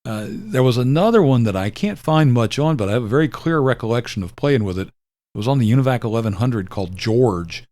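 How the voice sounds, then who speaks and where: An older man hosting a video, explaining a retro computer program in a relaxed, rambling way, with fillers and self-corrections. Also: mid-range voice, fairly quick, dry recording. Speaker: video host demonstrating retro software. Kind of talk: casual explanatory demo.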